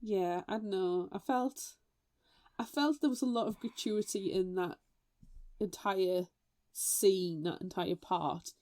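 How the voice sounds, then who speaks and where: A woman co-hosting a casual book podcast, telling lively anecdotes, swearing freely and mimicking voices. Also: medium pitch, slow pace, no room sound. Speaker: podcast co-host.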